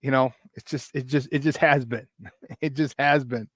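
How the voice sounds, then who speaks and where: A man's voice: normal speed, no room sound, studio quality. Fired-up male sports show host. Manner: hyped up, shouting out viewers by name; swings between loud excitement and low, tired muttering. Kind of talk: casual morning sports talk show.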